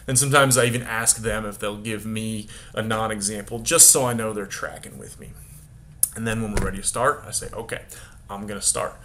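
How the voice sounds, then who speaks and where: A man's voice: lowish voice, fairly even intonation, a little fast, sharp tone. A male teacher explaining a classroom name game in a casual, upbeat way, acting out bits of dialogue with students. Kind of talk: casual instructional talk to camera.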